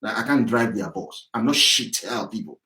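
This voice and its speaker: A man's voice: lowish voice, animated, normal speed, pushed and bright, low-quality recording. A man from southwest Nigeria, delivering an angry, emphatic political monologue as a campaigner. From southwest Nigeria (Yorubaland). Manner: angry, ranting, emphatic, repetitive.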